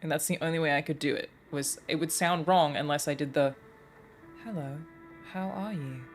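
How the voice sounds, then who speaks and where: A woman's voice: low-pitched, fairly even intonation, fast, faint music behind. A woman, a voice actor giving chatty, reflective commentary while streaming a game. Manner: chatty, reflective, many fillers. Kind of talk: casual gameplay commentary.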